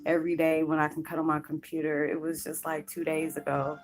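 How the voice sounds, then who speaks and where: Low-voiced emotional woman vlogger. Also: level tone, a little fast, poor audio. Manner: earnest, rambling, many "you know" fillers. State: choked up, near tears. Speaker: spiritual vlogger. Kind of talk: emotional personal talk to camera. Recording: faint background music.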